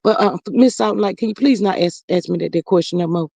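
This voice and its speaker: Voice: mid-range voice, fast talker, creaky, darkish tone, no echo. A performer voicing a defensive, folksy older mother who rambles and calls everyone honey, chatting in character on a livestream. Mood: rambling. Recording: slightly muffled dry livestream audio.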